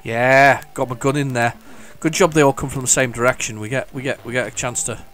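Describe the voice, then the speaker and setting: A man's voice: medium pitch, fairly even intonation, a little fast, a bit bright. A man giving casual, enthusiastic commentary while playing an old computer game, rambling and restarting his sentences. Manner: hums the game tunes along. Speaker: retro gaming video host. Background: faint retro game music.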